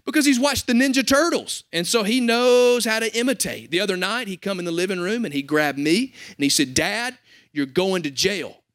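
Man, young adult pastor, sermon, high voice, chatty and joking. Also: expressive, brisk, few pauses, a bit bright. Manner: conversational preaching with humor.

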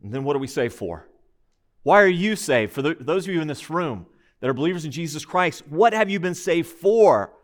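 The speaker is a pastor preaching, a man whose voice is higher and full of life. He asks rhetorical questions and drives his points home in a steady, emphatic way.

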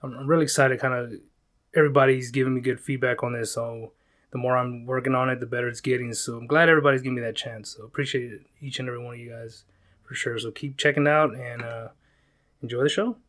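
A man's voice: medium pitch, fairly even intonation, fast, fairly bright tone. A man hosting a casual podcast chat, rambling and joking with many fillers and restarts. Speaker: podcast host.

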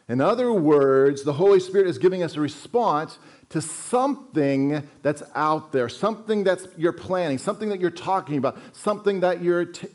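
A man in middle age delivering a Sunday sermon. His voice sits a little high for a man, and he presses hard on the words he wants to land, drawing them out slowly. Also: darkish tone. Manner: earnest, emphatic preaching with slow stressed phrases. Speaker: pastor.

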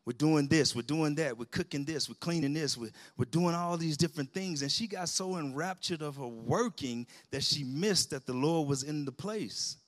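A middle-aged man preaching in a church sanctuary, his voice sitting a little high for a man. He talks lively and colloquially, laughs along with the congregation and calls out amens between points. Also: moderate pace, few pauses. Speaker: pastor. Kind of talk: sermon.

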